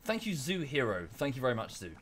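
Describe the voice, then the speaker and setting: A man's voice: medium pitch, huge pitch swings, quick pace, a bit bright, slight background noise. A man streaming live, chatting casually in a rambling way with many fillers and restarts, thanking viewers in chat as he goes.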